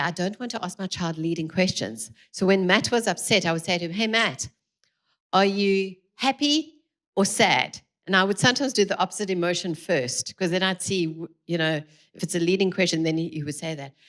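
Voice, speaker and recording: A middle-aged woman, giving a lively parenting talk to a church audience, acting out quotes and laughing often. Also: on the low side. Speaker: parenting speaker. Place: church hall.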